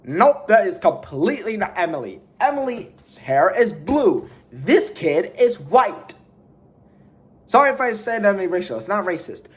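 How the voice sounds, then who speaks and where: A man's voice: high-pitched, sing-song, a little slow. A man casually recapping a movie, rambling and slangy with lots of fillers. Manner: rambling, filler-heavy storytelling; slangy, offhand. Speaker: movie reviewer.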